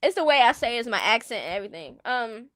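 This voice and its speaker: A woman's voice: a little high, expressive, quick pace, a bit bright, dry recording, studio quality. A woman hosting a stream, chatting casually and bluntly with a sassy, laughing manner. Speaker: stream host. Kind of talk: casual commentary chat.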